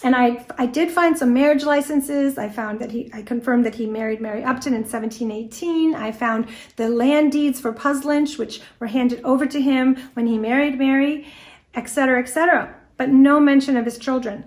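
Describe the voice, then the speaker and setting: An American woman in middle age tells a story in an animated, anecdotal way, briefly acting out what people said. Her voice sits a little high for a woman. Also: moderate pace. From United States. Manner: lively anecdotal storytelling, with quoted dialogue. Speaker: guest speaker on antique doll history. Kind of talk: storytelling presentation.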